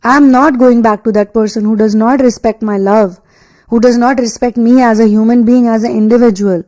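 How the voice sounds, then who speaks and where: A woman's voice: fairly high pitch, steady tone, moderate pace, darkish tone, low-quality recording. A woman with an Indian English accent, a tarot and energy reader, giving a spiritual reading in an earnest, repetitive way, full of fillers and emphatic restatements.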